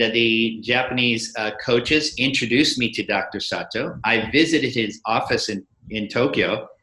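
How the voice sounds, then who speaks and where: Measured older man telling a story. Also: mid-range voice, bright, forceful tone, echoey room, rough recording. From United States. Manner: measured, with frequent pauses and fillers. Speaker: guest. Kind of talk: storytelling in an interview.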